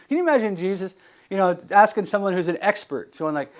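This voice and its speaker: A man's voice: high-pitched, fast talker. A man giving a casual sermon, asking his listeners questions and acting out the people in the story. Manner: animated, asks rhetorical questions, acts out quotes. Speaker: preacher.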